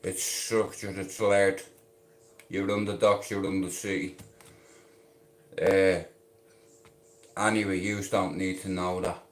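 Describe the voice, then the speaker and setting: A man's voice: low-pitched, flat delivery, slow pace, long pauses. A man with an Irish accent rambling on a live stream, intense and swaggering, swearing and repeating questions at his viewers. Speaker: livestreamer. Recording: roomy echo.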